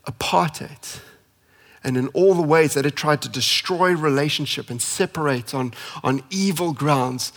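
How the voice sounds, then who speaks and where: Male preacher, fairly high voice, passionate sermon with loud peaks and hushed drops, long hall reverb. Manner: impassioned, rising to emphatic peaks then dropping soft.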